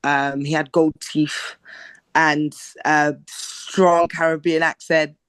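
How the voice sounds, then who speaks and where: Soft-spoken reflective woman, dry sound. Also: deep voice, flat delivery, takes it slowly, clean tone, dry recording. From Zimbabwe. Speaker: podcast guest, singer. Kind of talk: casual interview chat.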